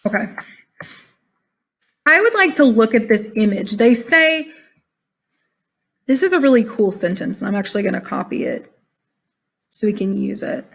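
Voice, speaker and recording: A tired-sounding woman teacher reads a text aloud to her online class over a video call, then explains it casually. Her medium-pitched voice is expressive and gravelly, with a moderate pace and frequent pauses, and she chats easily, calling the class "y'all."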